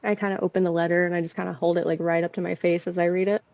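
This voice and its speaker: Soft-spoken woman player, dull dry sound. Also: lowish voice, little pitch movement, very fast, creaky, no echo. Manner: gentle, hesitant, with fillers. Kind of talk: describing her character in a tabletop game.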